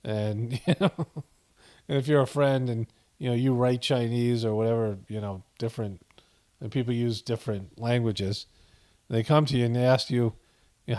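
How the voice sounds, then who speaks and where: A man's voice: mid-range voice, fairly even intonation, normal speed, darkish tone. A man hosting a casual video commentary, rambling with frequent chuckles and fillers. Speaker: commentary channel host.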